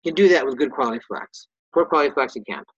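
A man with a medium-pitched, slightly rough voice talks fast while leading a Torah study class, reading Hebrew and Aramaic phrases aloud and translating each plainly in a casual, self-correcting way. The recording is muffled, with no echo.

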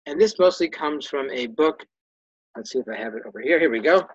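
A man's voice: a little high, expressive, a little fast, dull audio, a little hiss or hum. A man leading a Torah study class, reading Hebrew and Aramaic phrases aloud and translating each one in a casual, self-correcting way. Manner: reads Hebrew and Aramaic phrases, then translates them plainly. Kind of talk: text-study lesson.

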